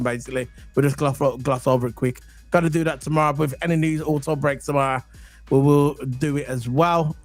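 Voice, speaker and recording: A man co-hosting a casual football podcast, excitable and chatty, full of slang. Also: medium pitch, no echo. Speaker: podcast co-host.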